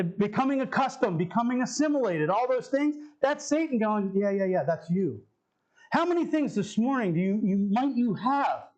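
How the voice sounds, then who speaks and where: Male pastor, high voice, casual preaching style that repeats key lines. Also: darkish tone, muffled recording. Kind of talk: sermon. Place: church sanctuary.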